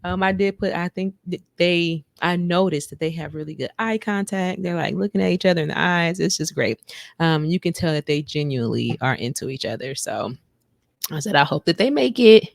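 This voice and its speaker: A woman hosting a podcast, recapping a show in a chatty, animated way. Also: sits low, normal speed, vocal fry, no echo. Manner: chatty, animated, breaks into sung bits and mock quotes. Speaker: podcast host. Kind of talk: casual recap chat.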